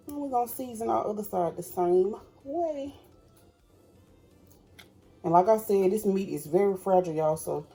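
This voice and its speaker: A woman's voice: fairly low pitch, warm tone. Chatty woman cooking at home. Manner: chatty, addresses viewers as y'all. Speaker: cooking vlogger. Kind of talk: casual cooking demonstration. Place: home kitchen.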